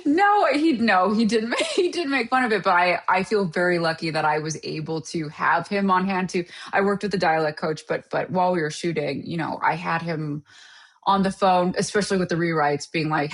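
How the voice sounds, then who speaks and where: A woman with a notably low voice talks in a relaxed interview as the guest. She is an actor from Canada and speaks animatedly, laughing often and restarting sentences as her thoughts tumble out. Her delivery is casual and conversational. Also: a little fast.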